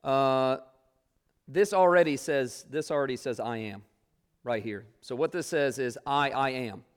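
A man leads a Bible class, reading passages aloud and then talking through them with frequent "uh"s and restarts. His voice is smooth and resonant, with a middle pitch and a relaxed, conversational delivery. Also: a little slow. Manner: conversational, many fillers, reads scripture aloud then explains. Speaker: Bible teacher.

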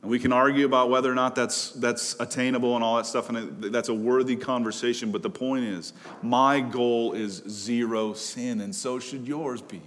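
A man pastor preaching a sermon in earnest, rising to loud pleas and dropping to hushed low lines. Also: steady tone, moderate pace, few pauses. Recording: long reverb of a large hall.

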